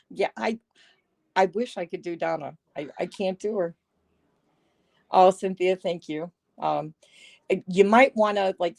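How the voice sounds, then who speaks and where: A woman's voice: medium pitch, creaky, a little mellow, dry recording. A woman hosting a casual livestream, chatty and sarcastic, often breaking into laughter, talking into a phone microphone. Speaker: livestream host. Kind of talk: casual live-stream chat.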